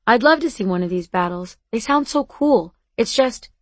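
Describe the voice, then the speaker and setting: Audiobook read: woman voicing a soft-spoken, hesitant teenage boy, tender, dry close recording. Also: on the high side, animated, normal speed, no room sound. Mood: gentle, shy. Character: shy, gentle teenage boy on the phone.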